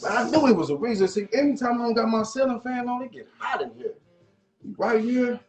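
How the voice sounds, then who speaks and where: A man's voice: very high-pitched, sing-song, a little fast. A man hosting a casual cooking show from his home kitchen, chatting loosely and talking straight to his viewers. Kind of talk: casual live cooking chat. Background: faint jazz music.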